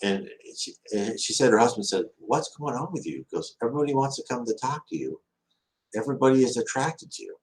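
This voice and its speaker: A man's voice: medium pitch, animated, brisk, a little hiss or hum, low-quality recording. A man hosting a question-and-answer talk, telling stories in a rambling way with many restarts and acted-out quotes. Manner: rambling, with frequent restarts, acting out quoted speech. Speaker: host answering viewer questions. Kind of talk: casual storytelling talk.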